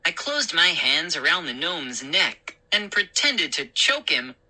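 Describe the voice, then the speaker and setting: Slow, expressive woman storyteller. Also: low-pitched, low-quality recording. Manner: expressive, unhurried. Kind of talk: reading a children's story aloud.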